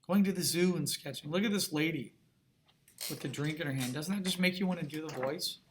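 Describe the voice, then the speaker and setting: A man giving a recorded art lesson with plenty of enthusiasm, pitched a touch high for a man. He talks casually and keeps pulling his students in with direct questions. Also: brisk, a little hiss or hum. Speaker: art instructor.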